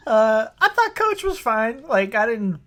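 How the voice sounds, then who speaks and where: A man's voice: very high voice, very animated, measured pace, bright, forceful tone. Laid-back male podcast co-host. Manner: laid-back, recaps matches with fillers. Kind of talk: casual podcast chat.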